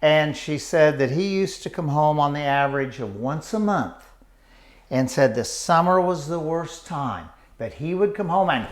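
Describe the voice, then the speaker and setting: Folksy older tour guide with a Southeastern Ohio accent, lively high voice, dry sound. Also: male voice, measured pace, no echo. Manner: folksy, animated storyteller. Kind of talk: anecdotal storytelling on a tour.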